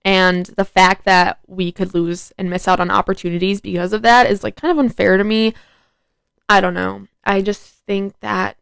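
Frank teenage girl, smooth dry voice. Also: on the low side, no room sound. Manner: frank, fills talk with "like" and "I don't know". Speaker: podcast host. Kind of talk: casual solo podcast monologue.

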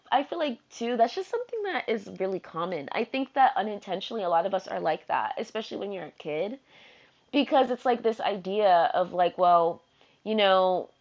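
A young woman in a casual personal monologue, talking in an earnest, confiding way with lots of fillers, slang and swearing. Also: mid-range voice. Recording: dull lo-fi recording.

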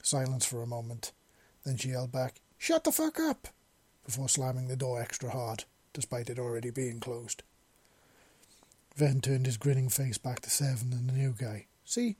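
A man narrating a story in a steady storytelling manner. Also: mid-range voice, moderate pace, breathy edge, dry recording. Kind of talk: audiobook narration of fan fiction.

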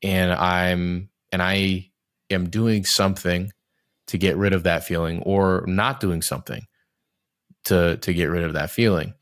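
A man's voice: low-pitched, flat delivery, unhurried, a bit bright, dry recording, studio quality. A man in a casual conversation, talking in a reflective, candid way, restarting his sentences often as he searches for words and swearing casually now and then.

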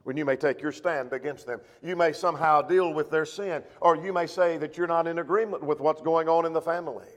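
A man preaching a sermon in a church, measured and slowing down when he quotes scripture. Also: on the high side, steady tone, muffled recording. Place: church auditorium. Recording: long echo of a church hall.

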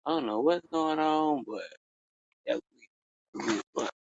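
A man hosting a casual podcast, telling a story with lots of swearing and sudden loud exclamations. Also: fairly high pitch, unhurried, creaky, dry recording, highs cut off. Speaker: podcast host.

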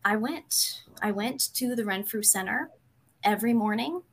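A woman, a psychotherapist, telling a personal story in an interview, hesitant with many pauses, candid and emotional. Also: fairly high pitch, husky.

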